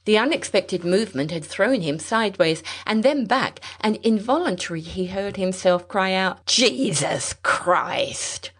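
A woman narrating a story in a measured, expressive way. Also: medium pitch. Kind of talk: storybook reading.

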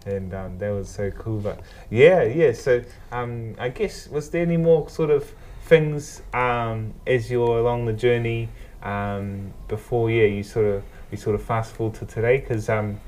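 A man hosting a relaxed conversation, asking questions with many fillers and agreeing often. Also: medium pitch, a little slow, hardly any pauses. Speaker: host. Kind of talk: casual chat.

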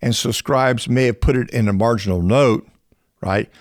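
A man teaching in a conversational podcast style, animated and rising in pitch when he stresses a point, often restarting phrases and slowing down to explain. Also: no room sound, clean studio sound. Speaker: biblical scholar teaching on a podcast.

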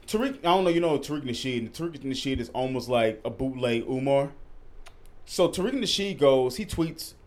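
A man's voice: medium pitch, lively intonation, moderate pace, a little mellow. A young man hosting a casual podcast, telling stories with heavy swearing and voice jumps when he gets outraged. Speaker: podcast host. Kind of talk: casual chat.

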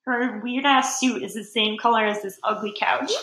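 A woman's voice: fairly high pitch, steady tone, fairly bright tone, slight background noise. A woman co-hosting a casual watch-along chat, gushing and swearing about what she watches. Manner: gushing, swearing, quick commentary. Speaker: podcast co-host. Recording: echoey room.

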